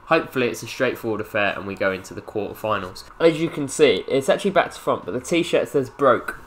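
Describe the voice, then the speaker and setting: A young man from England giving casual, jokey commentary over his own football video game, reacting loudly to the play. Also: mid-range voice, quick pace, slight background noise. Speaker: gaming YouTuber.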